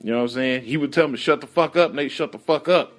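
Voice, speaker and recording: A man's voice: on the high side, racing. A man, a former prison guard, telling profane stories in casual chat, laughing often and acting out what people said. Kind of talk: casual podcast storytelling.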